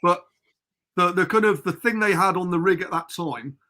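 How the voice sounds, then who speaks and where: The voice belongs to a middle-aged man from England whose high-sitting voice is bright and forceful, at an ordinary pace. Appearing as a podcast guest over a remote call, he rambles through stories casually and chattily.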